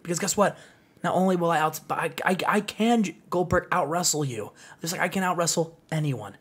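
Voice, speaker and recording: A smug, sneering wrestler , as a man puts him on, taunts his rival in a low, drawn-out, sarcastic voice that sometimes drops to a near whisper. The tone is self-satisfied and mocking. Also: a bit bright, breathy edge.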